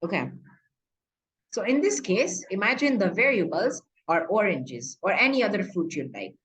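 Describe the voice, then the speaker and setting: A woman's voice: mid-range voice, sing-song, normal speed, fairly bright tone, low-quality recording. A young woman in a casual screen-recorded math tutorial, chatty and playful, checking in often with the viewer. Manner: chatty, playful, many okays and asides. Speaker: student explaining a lesson.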